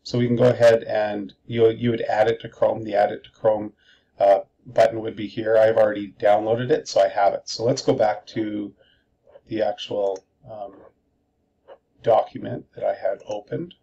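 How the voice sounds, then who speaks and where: A man's voice: fairly low pitch, flat delivery, normal speed, mellow, husky, dull audio. A male teacher giving a screencast tutorial, explaining methodically step by step.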